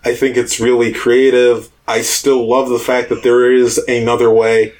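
A man's voice: mid-range voice, flat delivery, moderate pace, a little mellow. A man hosting a podcast, chatting loosely and rambling about tabletop games. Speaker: podcast host.

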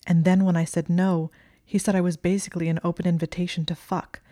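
A woman voicing a shaken, emotional young witch in a hushed, breathy way. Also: lowish voice, little pitch movement, fairly quick, no room sound, clean studio sound, natural voice. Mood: upset, angry.

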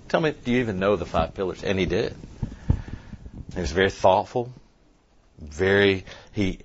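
A man speaking at a conference, telling a story in an animated way and quoting people as he goes. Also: low-pitched. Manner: animated, tells the story with quoted voices. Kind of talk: storytelling talk. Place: conference room. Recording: dull lo-fi sound, faint noise.

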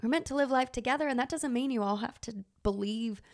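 Woman teacher in her thirties, gravelly voice, earnest and emotional, casual storytelling. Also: on the high side, fairly quick. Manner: earnest, emotional, animated storytelling with many fillers. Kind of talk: personal storytelling talk.

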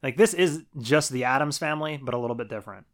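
A man talking through a film recap in a relaxed podcast chat. He swears casually and often lets his sentences drop off softly. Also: mid-range voice, fast. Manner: laid-back, swears casually, trails off quietly. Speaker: podcast co-host.

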